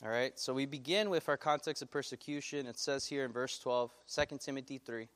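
A male pastor preaching a sermon, animated and putting questions to his congregation. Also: mid-range voice, a little fast.

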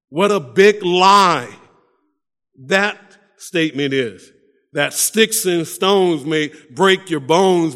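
A man with a high voice preaching slowly and deliberately, pressing each point with repeated phrases and doubled-up restarts. His voice rings out with a long hall reverb around it. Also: a bit bright. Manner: preaching with emphatic repetitions and stammered restarts. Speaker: pastor. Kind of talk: sermon.

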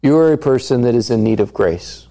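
A man's voice: medium pitch, lively intonation, brisk, mellow. A man preaching a sermon, putting questions to the congregation and repeating key lines for emphasis. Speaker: pastor.

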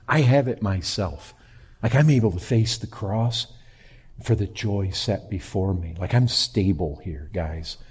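A man preaching a sermon, animated, swinging between loud high emphasis and quiet low lines. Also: husky. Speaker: pastor.

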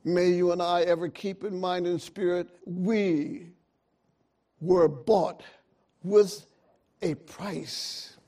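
A man preaching a sermon, calling out to his congregation and rising into loud, emphatic bursts. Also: high-pitched, steady tone, slow.

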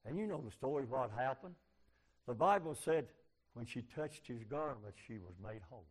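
A man preaching a sermon in folksy, fervent speech, swinging from loud cries to low, quiet passages. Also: animated, normal speed. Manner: fervent, rising to loud shouts and dropping low.

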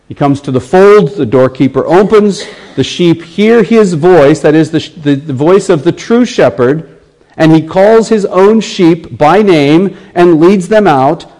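An American man delivers a sermon in an earnest voice that sits a little higher than most men's. He slows right down to let quoted scripture land, then presses on through his explanation. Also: dark tone, rough recording. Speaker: pastor.

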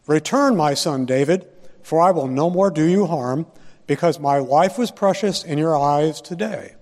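A man's voice: on the high side, unhurried, a little mellow, big-room sound, lightly acted. A man reading out the lines of a remorseful older king in a raised, pleading voice.

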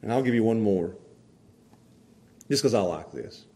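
A man preaching a folksy sermon to a small church congregation, swinging from hushed earnest passages to loud, excited storytelling. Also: fairly low pitch, normal speed. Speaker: pastor. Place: small church, evening service.

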